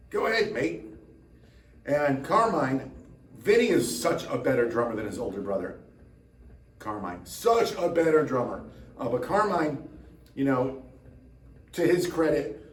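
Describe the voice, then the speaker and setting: A tired man rambles to camera in a relaxed chat, poking fun at himself with dry jokes. His voice sits in the middle range. The mic is set back from him, and the room adds a noticeable echo over a faint background hum. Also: mid-range voice, distant mic. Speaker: drummer and channel host.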